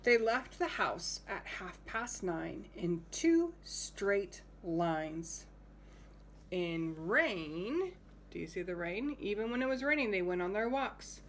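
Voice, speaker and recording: A woman reading a picture book aloud to young children, gently stopping to point out the pictures and ask questions. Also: mid-range voice, sing-song, slow, slight background noise. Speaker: home-school teacher.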